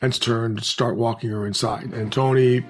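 A man recounting a personal story in an earnest, halting way, with frequent restarts. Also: mid-range voice, fairly even intonation, faint music behind.

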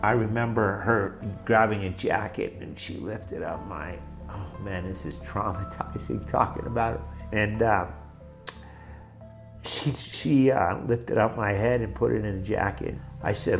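Gravelly low-voiced man recounting his story. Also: faint music behind. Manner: halting, restarts, emotional retelling. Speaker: guest telling his life story. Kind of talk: personal testimony.

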